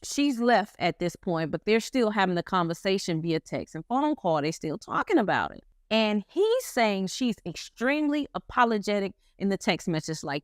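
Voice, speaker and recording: A woman's voice: mid-range voice, big pitch swings, moderate pace, hardly any pauses, no echo, clean studio sound. A woman casually retelling a story in slangy commentary, acting out the quotes as she goes. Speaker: commentary host.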